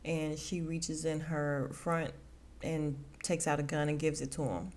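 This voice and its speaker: A woman with a slightly low voice chats through a TV episode recap. She talks casually and conversationally, and she slips into the characters' lines as she retells the scenes. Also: little pitch movement, unhurried, a little mellow. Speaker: podcast host reviewing a TV episode.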